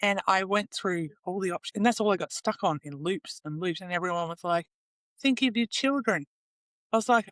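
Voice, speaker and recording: Her voice is medium-pitched, slightly bright, and fairly quick, with no room sound in the recording. Appearing as a guest in a candid interview, she recounts her experiences with raw emotion, cursing openly and mimicking other people's voices.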